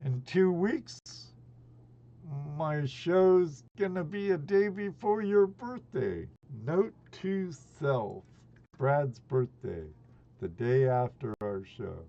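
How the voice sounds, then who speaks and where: A man in his sixties hosts a relaxed live stream. He talks in an unhurried drawl with a gravelly edge, and his rambling, chummy chat comes through dull lo-fi stream audio. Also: on the high side. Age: 60s. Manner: greets chat viewers by name, rambling and chummy.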